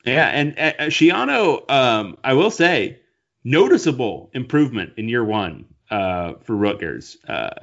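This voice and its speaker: A man with a mid-range voice that swings widely in pitch reads listener questions and teases his co-hosts. He is playful and quick to joke, and the recording is dull and lo-fi. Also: sing-song, gravelly, a bit bright. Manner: playful, teasing, laughs often. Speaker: podcast host reading listener questions. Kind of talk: casual sports podcast chat.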